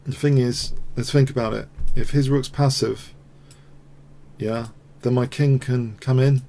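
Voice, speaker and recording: A man's voice: medium pitch, steady tone, measured pace, dark tone. A man commentating his own online chess games, thinking aloud with wry, self-mocking asides. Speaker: chess streamer. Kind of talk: live commentary while playing.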